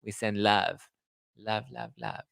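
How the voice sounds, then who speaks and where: A man hosting a pop culture live stream, chatting casually with his viewers and tossing out sarcastic asides. His voice sits fairly low with a gravelly, fry-heavy edge. The sound is dry and close. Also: little pitch movement, slow, fairly bright tone, dry recording. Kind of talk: casual live-chat commentary.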